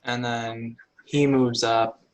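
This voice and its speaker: Even-toned man running a tabletop game. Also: medium pitch, takes it slowly. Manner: explains rules patiently. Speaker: game master.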